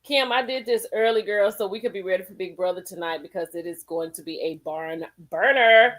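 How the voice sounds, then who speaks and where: A woman's voice: medium pitch, fairly quick, a bit bright. A woman hosting a casual live stream, chatting with viewers, greeting them by name and laughing often. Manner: folksy, calls people girl and honey.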